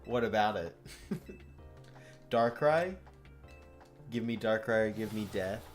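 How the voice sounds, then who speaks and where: A man's voice: on the low side, lively intonation, slow, faint music behind. A man streaming a game live, muttering frustrated thoughts to himself with frequent sighs. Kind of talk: live gameplay commentary.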